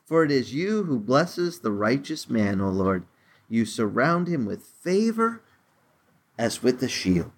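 A man teaching the Bible informally around a table, animated and conversational, with restarts and asides. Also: a little slow. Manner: animated, lively pitch swings, acts out voices in quotes. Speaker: preacher teaching a home Bible study.

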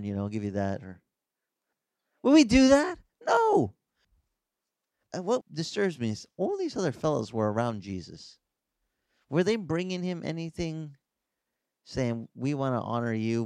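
Man preaching an animated sermon. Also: medium pitch, measured pace, pauses often, no room sound, clean studio sound. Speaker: pastor.

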